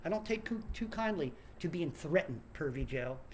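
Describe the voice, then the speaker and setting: A man's voice: fairly high pitch, lively intonation, normal speed, a little mellow, a little hiss or hum. A man in an angry, swearing political rant who keeps stumbling over and repeating words. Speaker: online commentator.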